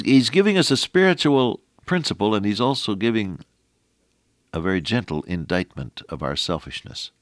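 A middle-aged man with a lowish voice delivers a folksy radio sermon, chatting with the listener between points of scripture. The sound is dry and close, with no room around it. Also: no echo. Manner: folksy, preacherly, with asides to listeners. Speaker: radio preacher.

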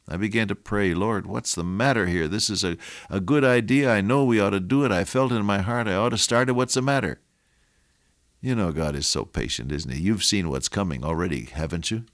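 A man's voice: sits low, dry recording, clean studio sound. An older man preaching a radio sermon, telling stories and exhorting his listeners with earnest repetition.

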